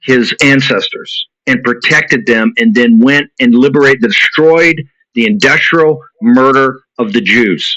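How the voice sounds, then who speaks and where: A man with a mid-range, pushed, bright voice hosts a show and rants in heated commentary, hammering points through repetition. The recording is dry, dull, and lo-fi.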